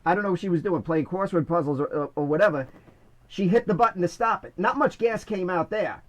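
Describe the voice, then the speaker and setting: A middle-aged man recounts his stories in a fairly high voice. He talks animatedly and casually, stumbling and restarting as he goes. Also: fairly quick, low-quality recording. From Bronx, New York. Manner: animated, many restarts, "I says". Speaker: guest, former corrections officer. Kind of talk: casual storytelling.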